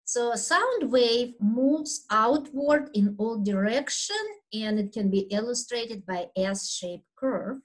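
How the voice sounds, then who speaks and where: A woman instructor giving a recorded anatomy lecture over slides, speaking loudly in an unhurried, explanatory way with fillers and throat clearing. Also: fairly high pitch, rough recording. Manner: talks loudly by habit.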